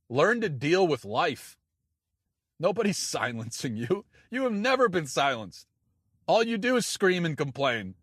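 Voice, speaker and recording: A man's voice: fairly high pitch, sing-song, a little slow, fairly bright tone, dry recording, clean studio sound. A man delivering a sarcastic, incredulous opinion monologue, often stumbling and restarting as he talks. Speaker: political commentator.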